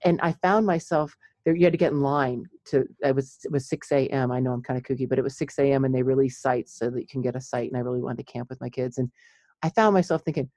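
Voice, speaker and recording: Middle-aged female psychologist, animated storyteller, dry close sound. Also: rumbling low, fast talker, no room sound. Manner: animated storyteller, laughs often. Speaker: clinical psychologist. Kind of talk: casual chat on psychology.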